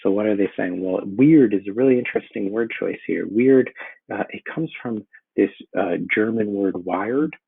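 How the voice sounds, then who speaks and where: A man's voice: lowish voice, normal speed, gravelly, husky, no room sound. A man teaching a play, reading quoted lines aloud and then explaining them in casual everyday words. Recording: tinny phone-like sound.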